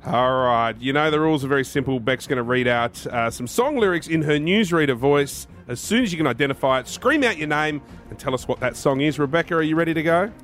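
Male host, animated pitch, slightly high, music bed. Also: a little fast. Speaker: radio host. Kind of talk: casual breakfast radio banter.

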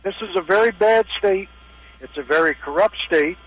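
Older guy calling in, high voice for a man, blunt and fed up. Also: normal speed, a bit bright, a little hiss or hum, low-quality recording. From Western Pennsylvania. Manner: blunt, disillusioned. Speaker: caller.

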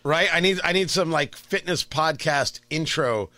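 A man's voice: fairly high pitch, unhurried, pushed and bright, dry recording. A man hosting a morning radio show, joking and stammering as he chats. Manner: joking, stammering, repeats words. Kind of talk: casual morning radio chat.

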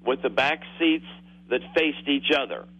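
This sixtysomething radio caller speaks at medium pitch and a measured pace. His phone-in storytelling rambles and is punctuated by laughter, and the line sounds muffled on air.

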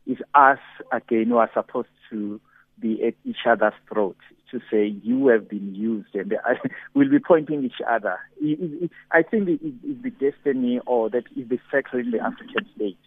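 Measured man on a tinny phone line. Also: medium pitch, husky, no room sound. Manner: deliberate, repeats words when building up a point. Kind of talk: phone-in political analysis.

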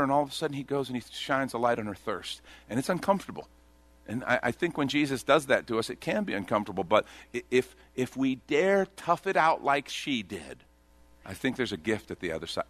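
A man preaching a sermon in a conversational, animated way, often acting out the people he quotes. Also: medium pitch, dry recording. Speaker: pastor.

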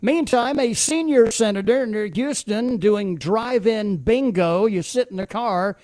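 A man's voice: high-pitched, a little slow, a little mellow, no echo, studio quality. A man hosting a talk show, chatty with many fillers. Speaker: radio talk host. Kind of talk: casual chat with bits.

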